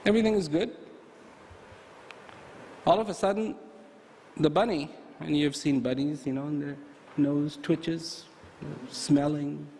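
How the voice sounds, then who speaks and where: A man giving an animated motivational talk, telling stories and asking emphatic rhetorical questions. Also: a little high, a little slow, pauses often. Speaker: motivational speaker. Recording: echoey hall with faint ambience.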